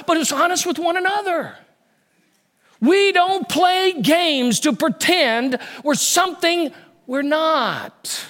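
A male pastor delivering a sermon in a high voice. He is animated and swings between loud, emphatic lines and hushed ones. He acts out quotes as he preaches.

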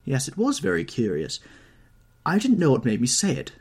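A man voicing a nervous, brooding young gentleman, anxious and pleading, in an audiobook reading. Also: a little high, huge pitch swings, normal speed, creaky, breathy edge, voice pushed up, exaggerated voice. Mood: restless.

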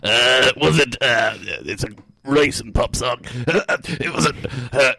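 A man's voice: mid-range voice, animated, takes it slowly, gravelly, bright, forceful tone, breathy edge, full character voice. A man voicing a chuckling local male radio caller who drawls. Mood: chuffed.

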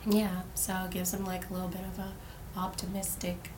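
A woman's voice: fairly low pitch, monotone, fairly quick. Chatty young woman, lots of "like". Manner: chatty, filler-heavy with frequent "like". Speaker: podcast co-host, life coach. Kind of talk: casual chat. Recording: faint background noise.

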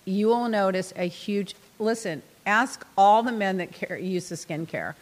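A woman's voice: medium pitch, a little slow, in a large hall. A woman hosting a podcast in a studio, chatting casually and laughing often as she tells stories. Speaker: podcast host. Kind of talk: casual chat.

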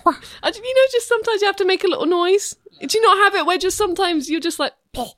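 A woman's voice: extremely high pitch, fast talker, a bit bright, no echo, clean studio sound. A woman co-hosting a podcast, chatting casually and playfully, often giggling. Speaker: podcast co-host. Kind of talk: casual chat.

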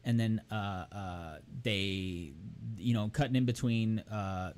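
A young man on a podcast, casually recapping a TV episode in a rambling way and acting out the characters' lines as he goes. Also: on the low side. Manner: rambling storyteller who acts out characters' lines. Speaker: podcast co-host.

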